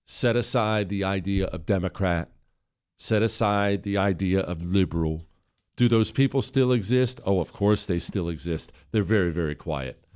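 Low-ish guy ranting on talk radio, mocking tone, gets worked up. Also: moderate pace, darkish tone, clear, resonant tone. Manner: indignant, mocking, rising into heated emphasis. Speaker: radio talk show host. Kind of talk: political talk radio monologue. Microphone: studio microphone.

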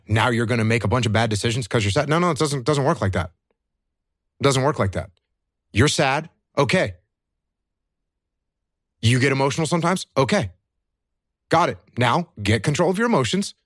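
A man's voice: mid-range voice, dry recording, clean studio sound. A man, a veteran who has lost friends, talking earnestly to other veterans about emotions. He asks himself questions, answers them, and repeats his key points. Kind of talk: earnest conversational advice.

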